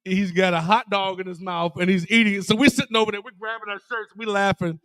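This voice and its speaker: A man's voice: sits high, quick pace, no echo. A man, a former college player and guest broadcaster, telling stories casually in a bar and acting out the voices of the people in them. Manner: animated, acts out quoted voices. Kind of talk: casual storytelling. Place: bar, live show.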